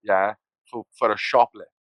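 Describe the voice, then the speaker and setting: A man's voice: fairly low pitch, steady tone, moderate pace, fairly bright tone, low-quality recording. A man, a podcast guest telling his story casually, rambling, swearing freely and acting out the voices of people he quotes.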